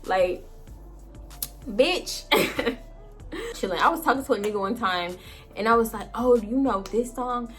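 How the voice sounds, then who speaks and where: A woman's voice: on the high side, measured pace, pauses often, faint music behind. A young woman, chatting casually to viewers at home about her life and swearing often. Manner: profane, chatty, animated storytelling to viewers. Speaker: vlogger. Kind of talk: casual storytime chat. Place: home, indoors. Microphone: phone camera.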